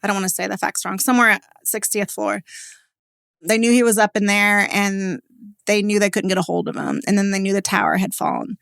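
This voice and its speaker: A woman's voice: mid-range voice, expressive, creaky, fairly bright tone, clean tone, no echo, clean studio sound. A woman in her forties from Texas, a business owner telling a personal story as a podcast guest, candid and chatty with frequent "like" fillers. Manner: candid and conversational, many "like" fillers, quick laughs.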